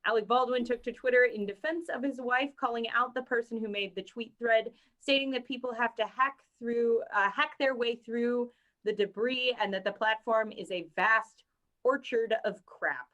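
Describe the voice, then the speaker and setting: A woman's voice: fairly high pitch, moderate pace, fairly bright tone, highs cut off. A woman co-hosting a casual podcast, reading news items and chatting with amusement. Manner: amused, laughing often. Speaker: podcast co-host.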